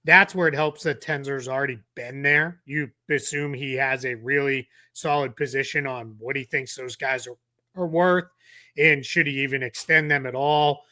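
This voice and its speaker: Bright-voiced man chatting about basketball. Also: medium pitch, moderate pace. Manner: animated, acts out quotes. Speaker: co-host. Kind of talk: casual sports talk.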